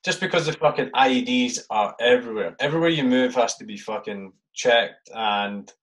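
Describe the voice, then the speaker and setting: A man's voice: mid-range voice, moderate pace, fairly bright tone, rough recording. A man hosting a casual podcast interview, rambling with fillers and frequent swearing. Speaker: podcast host.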